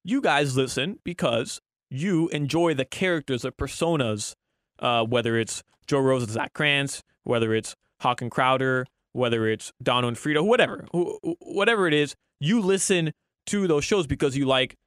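A man's voice: mid-range voice, normal speed, a bit bright, dry recording. A man co-hosting and producing a sports radio show, rambling casually with many restarts and fillers on a studio mic.

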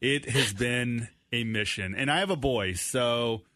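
A man in his thirties, co-hosting a casual chat, animated and laughing often. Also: medium pitch, unhurried, no echo, clean studio sound. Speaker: co-host.

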